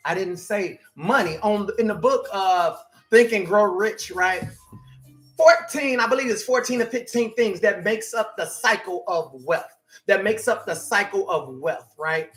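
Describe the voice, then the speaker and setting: A man preaching a motivational sermon as a life coach, swinging between shouting and quiet, repeating himself. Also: sits high. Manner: preachy, shifts between shouting and hushed, repetitive. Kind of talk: sermon-style motivational talk.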